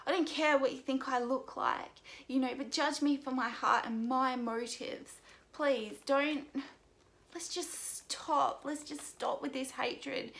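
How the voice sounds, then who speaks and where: High-voiced earnest young woman vlogger. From Australia. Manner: earnest, pleading, tearful at times. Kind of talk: emotional personal vlog.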